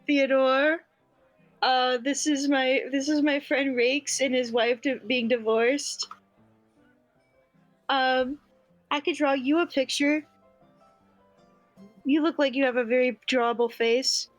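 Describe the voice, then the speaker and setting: A young woman playing in a tabletop game, giggly and answering quickly in character. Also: high-pitched, steady tone, dry recording, soft background music, poor audio. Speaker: player. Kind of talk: tabletop role-play.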